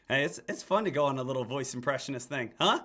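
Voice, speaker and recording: A young man hosting a live stock-trading stream, energetic, talking straight to his viewers. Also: medium pitch. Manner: energetic, addresses viewers as traders. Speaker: host, stock trader. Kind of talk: live-stream market talk.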